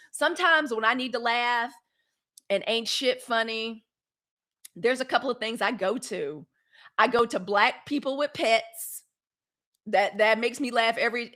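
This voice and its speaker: A woman's voice: mid-range voice, fairly bright tone. A playful woman talks casually to her live-stream viewers, speaking straight to the chat. Her voice sits in an ordinary middle range for a woman. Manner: chatty, playful, addresses chat directly. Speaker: live news show host.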